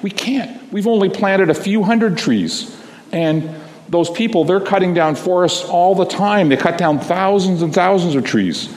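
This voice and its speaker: A man's voice: a little slow, darkish tone, in a large hall. A man doing a pleading little girl dragon. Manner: high, pleading, earnest.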